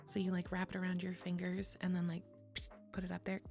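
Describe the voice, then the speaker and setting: A woman's voice: fairly low pitch, completely flat delivery, brisk, a little mellow. A young woman streaming, chatting casually with her viewers, swearing freely, laughing often and reading chat aloud. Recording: faint music behind.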